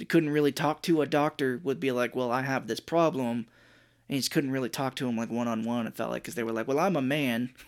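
A man's voice: mid-range voice, fairly even intonation, fast. A man co-hosting a movie podcast in casual chat, loose and profane, now and then quoting people in put-on voices. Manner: loose and profane, quotes others in funny voices. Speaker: podcast co-host.

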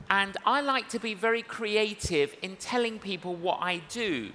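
A male evangelist preaching a sermon in a church service, earnest and unhurried, acting out dialogue in his stories. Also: high voice, animated, bright, forceful tone. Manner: slow, earnest, acts out dialogue in anecdotes. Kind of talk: sermon with storytelling. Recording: reverberant church hall with faint noise.

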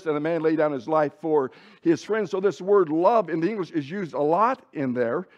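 Male Bible teacher, fairly high voice, loose chatty delivery with restarts, dull lo-fi recording. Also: animated, moderate pace. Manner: conversational, frequent restarts and self-corrections. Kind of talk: casual Bible lesson.

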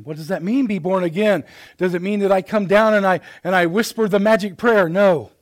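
A middle-aged male pastor delivers a sermon in a church, his voice sitting fairly high for a man. He talks in plain, folksy words and shifts between loud emphatic declarations and soft, hushed asides. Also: a little fast. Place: church sanctuary.

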